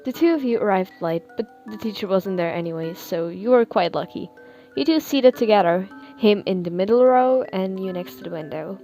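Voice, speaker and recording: A young woman who reads her own fan fiction aloud in a soft, giggly, apologetic way. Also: mid-range voice, normal speed, soft background music.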